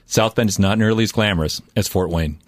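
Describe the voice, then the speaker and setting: Fast-talking lower-voiced man, halting. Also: no room sound, studio quality. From Indiana, USA. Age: 40s. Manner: hesitant, searching for words. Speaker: guest comic artist. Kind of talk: casual chat. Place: recording studio.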